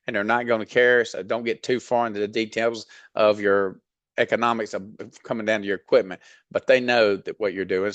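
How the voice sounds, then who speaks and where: A man's voice: on the low side, fairly bright tone, no echo. A man with a Southern accent giving a casual lesson on dispatching freight, blunt and folksy, with mild cursing and frequent fillers. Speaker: dispatch trainer. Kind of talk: casual instructional talk.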